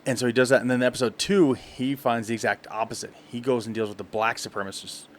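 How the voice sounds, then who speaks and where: A man's voice: mid-range voice, flat delivery, fast, slight background noise. A man co-hosting a podcast, telling a long story in casual chat and laughing often. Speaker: podcast co-host.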